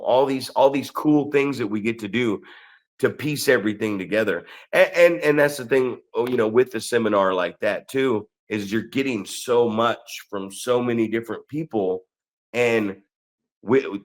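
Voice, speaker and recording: A man's voice: mid-range voice, fairly bright tone. A man co-hosting a podcast, talking in a loose, rambling way with frequent restarts and casual swearing. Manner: rambling, profane, restarts often. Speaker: podcast co-host.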